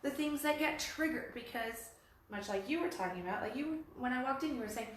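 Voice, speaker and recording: A middle-aged woman talks casually about relationships, telling lively stories and slipping into the voices of the people she quotes. She is recorded in a very echoey room with a faint hiss behind her. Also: high voice, brisk. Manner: animated storytelling, acting out quoted voices. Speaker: podcast co-host.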